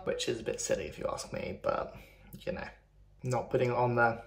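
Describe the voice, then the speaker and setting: This male vlogger's creaky, mid-range voice is brisk and flat in delivery. Casual and upbeat, he talks through his cooking video while making self-deprecating jokes.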